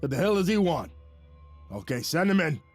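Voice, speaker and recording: A man voicing a gruff, blunt and crude heavy-set male boss. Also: a little high, very animated, normal speed, faint music behind, pitched above the performer's own voice.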